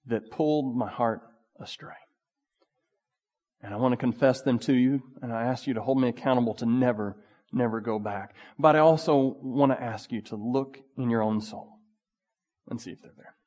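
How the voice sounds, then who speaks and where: A man preaching a sermon in a relaxed, conversational way, full of asides. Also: medium pitch, moderate pace, big-room sound. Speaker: pastor.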